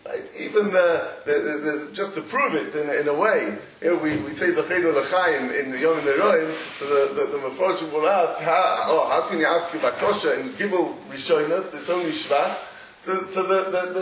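A man giving a Talmudic lecture to a small audience, halting, many restarts and frequent laughs. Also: sits high. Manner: animated, halting with repeated restarts, laughs often. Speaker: Torah teacher. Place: echoey room with a live audience. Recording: roomy echo, faint noise.

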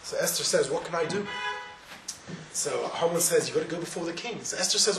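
A man's voice: fairly high pitch, a little fast, crowd noise. A man teaching a religious lesson, telling a parable and acting out its dialogue, with Hebrew terms mixed in. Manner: storytelling, acts out dialogue, with Hebrew and Yiddish terms. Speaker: Torah teacher. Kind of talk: sermon with a told parable. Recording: echoey room from far off, audible noise.

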